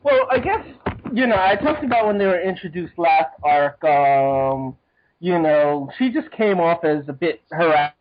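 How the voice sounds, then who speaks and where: A podcast guest chatting over an online call, hesitant, filling pauses with ums and "you know". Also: medium pitch, expressive, lo-fi sound. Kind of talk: casual chat.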